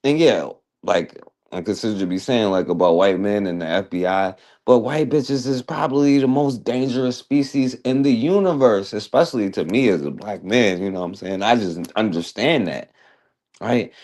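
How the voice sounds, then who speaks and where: A man's voice: on the low side, expressive, moderate pace, a little mellow. A man hosting a talk show, casually commenting on a video clip in a loose, slangy way.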